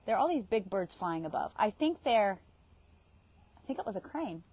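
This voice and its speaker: A woman's voice: mid-range voice, very animated, moderate pace, a little mellow, breathy edge, low-quality recording. Woman, tapping guide, casual and blunt, swears and laughs, outdoor session. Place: outdoors in a yard at dusk.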